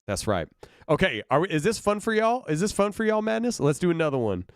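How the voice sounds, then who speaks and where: A man's voice: sits high, sing-song, fast talker, no echo, clean studio sound. A man from Brooklyn, a band musician, chatting casually with viewers on a livestream, laughing often. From Brooklyn, New York. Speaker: band musician streaming reactions.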